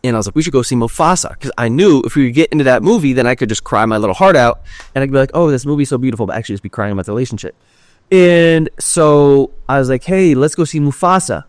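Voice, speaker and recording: This young man hosts a podcast and speaks quickly in a medium pitch over a dry recording. His personal story comes out candid and rambling, packed with "like" and offhand cursing.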